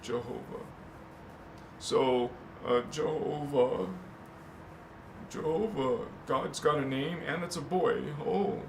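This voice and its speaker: A man hosting a spiritual talk, rambling between quiet musing and impassioned shouts. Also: medium pitch, slow pace, gravelly. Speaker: spiritual channel host. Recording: echoey room with faint noise.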